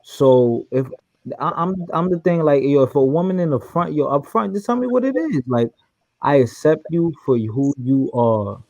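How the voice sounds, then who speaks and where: A man's voice: on the high side, animated, normal speed, creaky, dark tone, no room sound, lo-fi sound. Emphatic man repeating himself. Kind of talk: casual group audio chat.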